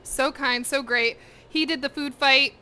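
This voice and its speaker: Her high voice holds a steady tone and measured pace, bright and forceful. She's streaming a cooking session from her home kitchen, eating while she chats bluntly and casually with the audience, swearing without restraint and occasionally talking through her food.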